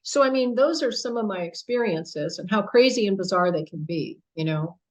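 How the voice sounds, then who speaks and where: A woman's voice: medium pitch, normal speed. An older woman giving a talk about her own experiences, telling the story with animation and acting out the dialogue. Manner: animated storyteller who acts out quoted dialogue. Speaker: guest speaker. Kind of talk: personal account told to an audience. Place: home podcast studio.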